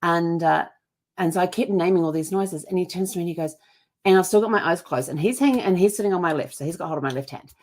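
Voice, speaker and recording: A woman's voice: lowish voice, fast, darkish tone. A middle-aged woman telling a personal story on her vlog, chatty and rambling, with frequent restarts. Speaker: family history vlogger.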